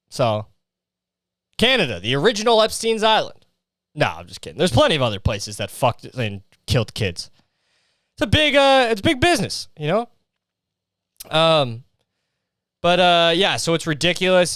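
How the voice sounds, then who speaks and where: A man with a high, smooth voice rants through a solo comedy podcast. He swears freely, fills his pauses with ums, and mocks as he goes. The sound is close and dry. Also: a bit bright, dry recording. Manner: profane, exasperated ranting with many fillers; mocking, sarcastic asides. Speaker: podcast host.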